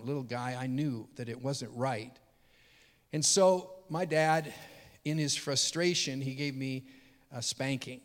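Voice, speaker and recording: A man preaching a sermon as a pastor, telling a personal story earnestly, dropping low and quiet and then rising loud and high when moved. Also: a little slow. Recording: reverberant hall.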